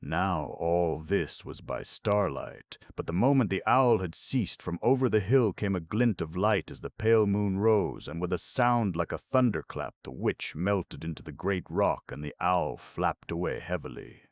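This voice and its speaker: Really deep gravelly guy reading an audiobook, dry close sound. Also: measured pace, hardly any pauses, no echo. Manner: steady storytelling. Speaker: audiobook narrator. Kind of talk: scripted narration.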